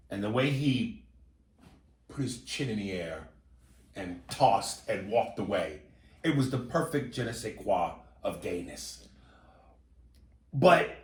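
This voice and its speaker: A man co-hosting a podcast in casual chat, a few drinks in, animated and swinging between low mumbles and excited outbursts. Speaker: podcast co-host. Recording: roomy echo.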